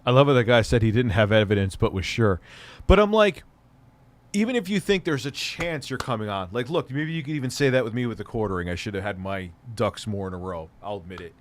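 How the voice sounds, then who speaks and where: A middle-aged man hosting a livestream in casual chat, loose and profane, laughing often and jumping into excited bursts. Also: on the low side, fast, hardly any pauses. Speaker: livestream host.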